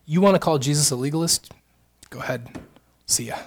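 A man's voice: on the high side, a little fast. A married man preaching a sermon, emphatic and building to fervent repeated phrases. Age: adult, married. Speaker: pastor.

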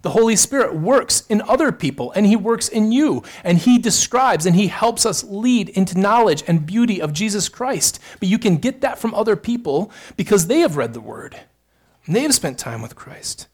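A male pastor preaching a sermon with earnest emphasis, rising on key points and adding quick asides to the congregation. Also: high voice, sing-song.

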